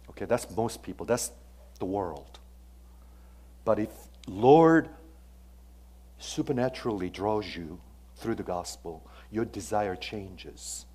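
Pastor preaching with dramatic loud-soft swings. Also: male voice, lowish voice. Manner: animated, swings between loud emphasis and quiet asides; asks the audience questions, frequent "okay?". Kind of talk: sermon.

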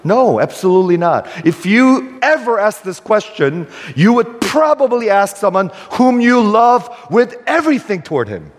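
A man's voice: sits high, sing-song, normal speed, few pauses, long reverb tail. An older man preaching a sermon as a pastor, emphatic and questioning, often checking in with the listeners.

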